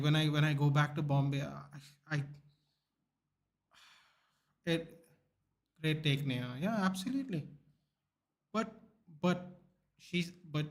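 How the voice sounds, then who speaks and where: A young man, talking bluntly and swearing often as he chats with viewers on a live stream. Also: mid-range voice. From India. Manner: blunt and animated, swears often, calls people dude. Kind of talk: casual live-stream chat.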